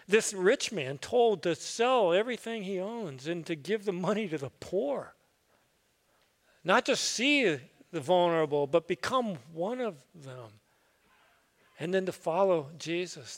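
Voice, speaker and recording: A man's voice: high-pitched, a bit bright, in a large hall. A man speaking as a pastor, giving a sermon in an earnest, conversational way with easy asides.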